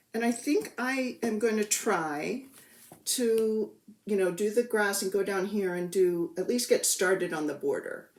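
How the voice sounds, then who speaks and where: A woman's voice: medium pitch, roomy sound. A woman chatting casually about her cross-stitch projects, rambling and poking fun at herself. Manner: chatty, self-deprecating, rambling. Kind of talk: casual show-and-tell chat.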